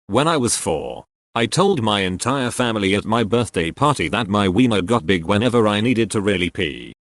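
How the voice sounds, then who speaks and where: One short anecdote follows another as a male narrator reads online posts in a somewhat low voice. The pace is moderate, the tone steady and plain, and the audio dry and close-up.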